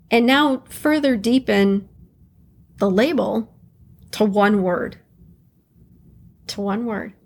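A woman hosting a podcast, leading listeners through a calm guided reflection exercise and repeating key phrases as she goes. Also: a little high, creaky, slightly rough. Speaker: podcast host.

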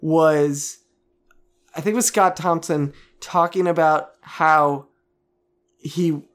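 A man's voice: a little high, steady tone, slow pace. A man co-hosting a podcast, talking casually and thinking aloud, often restarting his sentences. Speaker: podcast co-host. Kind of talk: casual chat.

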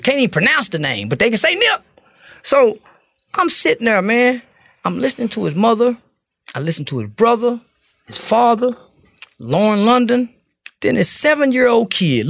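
Blunt, profane guest, gravelly and high-pitched, dry close mic. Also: male voice, dry recording. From Texas. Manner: blunt, profane, preacher-like storytelling. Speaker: podcast guest. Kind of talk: casual interview talk.

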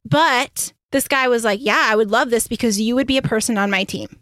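A young woman career coach telling a story in a chatty, excitable way, full of "like". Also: on the high side, brisk, no room sound, studio quality. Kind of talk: casual storytelling monologue.

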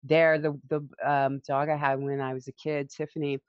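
Low-pitched woman guest, chatty and emotional; dry, muffled audio. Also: little pitch movement, normal speed, no room sound. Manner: emotional, laughs often, tells stories. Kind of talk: casual conversation.

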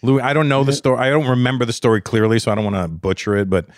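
A man's voice: medium pitch, steady tone, racing, dry recording, clean studio sound. A man in casual podcast chat, blunt and heavily profane, getting worked up when he tells a story. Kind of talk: casual conversation.

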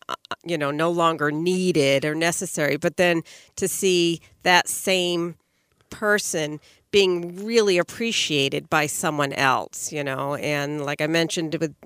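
A woman co-hosting a casual movie chat, agreeing warmly and laughing often. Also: deep voice, clear, resonant tone, no room sound, studio quality. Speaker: podcast co-host.

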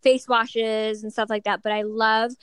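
A woman's voice: fairly high pitch, flat delivery, unhurried, a bit bright, clean tone, no echo. A woman co-hosting a podcast, chatting breezily and sassily about celebrity news. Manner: breezy, sassy gossip. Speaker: podcast co-host. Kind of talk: casual gossip chat.

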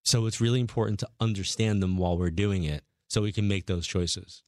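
A middle-aged man with a low voice tells long, winding stories in a relaxed studio conversation. He acts out the people he quotes. The sound is close and dry, with no room echo. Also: brisk. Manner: animated storyteller, acts out quotes. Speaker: guest medium. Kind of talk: casual storytelling.

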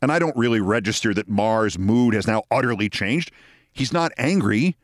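A man in his sixties hosting a show, telling a story in a measured, dramatic way with wry asides. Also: on the low side, lively intonation, no room sound, clean studio sound. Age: 60s. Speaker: host. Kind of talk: storytelling monologue.

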